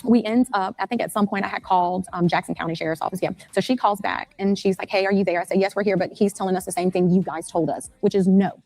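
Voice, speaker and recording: A mother telling her story in an interview, retelling events rapidly and anxiously and acting out phone calls. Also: mid-range voice, fairly even intonation, darkish tone, no echo.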